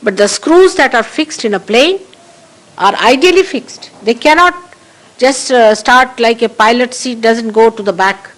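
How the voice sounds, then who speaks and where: A woman's voice: fairly high pitch, measured pace, rough recording. Emphatic woman giving spiritual talk. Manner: emphatic, repeats key phrases. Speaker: spiritual teacher. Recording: archival talk recording.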